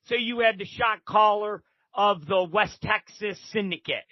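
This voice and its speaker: Man, high voice, very dry sound, dull lo-fi audio, animated storyteller. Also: unhurried, no room sound. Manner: animated, acts out other people's lines; swears freely. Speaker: podcast guest. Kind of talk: casual storytelling.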